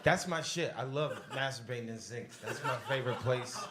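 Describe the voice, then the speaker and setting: A man's voice: mid-range voice, normal speed, heavy background noise. A young man doing a stand-up set with crowd work, in a loose, rambling, profane way. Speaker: stand-up comedian. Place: basement comedy club. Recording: echoey club room, audience laughter.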